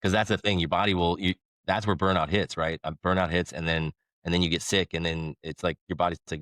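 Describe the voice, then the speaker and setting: A man's voice: low-pitched, steady tone, quick pace, few pauses, a bit bright, no room sound. A man talking as a podcast guest in a casual, rambling way, restarting sentences and laughing between thoughts. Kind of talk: casual conversation.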